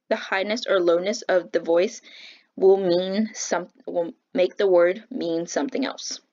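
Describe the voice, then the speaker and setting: A young woman giving a class presentation on teaching, talking in a flat, halting way with fillers and self-corrections. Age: young adult. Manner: says she speaks with a flat pitch. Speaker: education student presenting. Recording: dull lo-fi recording.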